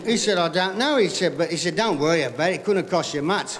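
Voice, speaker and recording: A man doing stand-up comedy, telling joke after joke in a brisk patter full of "he said", recorded live on stage. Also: on the high side, expressive, crowd noise. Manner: rapid gag patter with repeated "he said". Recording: live vinyl recording in a hall with audience laughter.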